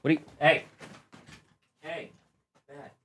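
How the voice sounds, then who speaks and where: A man who hosts a live stream as a game master, chatting in an animated, rambling way. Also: a little slow. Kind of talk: casual live-stream chat.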